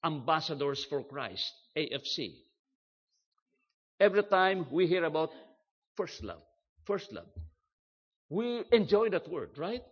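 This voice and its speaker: An older man preaches at a deliberate, unhurried pace, his voice sitting a little high. He leans hard on key phrases and repeats them for emphasis. The recording is dull and lo-fi. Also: very animated, breathy edge. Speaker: pastor. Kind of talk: sermon.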